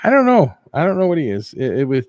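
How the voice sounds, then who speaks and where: A man's voice: fairly high pitch, quick pace, no echo. Casual man chatting with stream viewers. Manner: animated storyteller, answers chat viewers. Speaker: live-stream show host. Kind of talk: casual live-stream chat.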